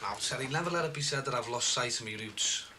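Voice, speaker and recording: A man's voice: medium pitch, quick pace, bright, forceful tone. An actor playing a cocky man who teases and brags about his money. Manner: smug, teasing, boastful. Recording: noisy TV broadcast sound.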